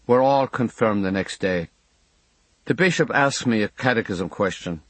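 A man's voice: medium pitch, expressive, moderate pace, a bit bright, dry recording. A man reading a memoir audiobook in a wry storytelling manner. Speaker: audiobook narrator.

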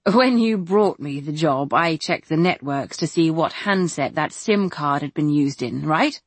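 A woman voicing a male high-tech crime officer who talks in a dry, teasing way. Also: lively intonation, measured pace, no echo, heavily acted. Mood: wry.

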